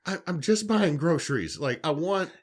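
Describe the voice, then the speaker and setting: A man, telling animated stories on a podcast, swearing freely. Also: on the high side, normal speed. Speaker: podcast co-host. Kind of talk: casual storytelling chat.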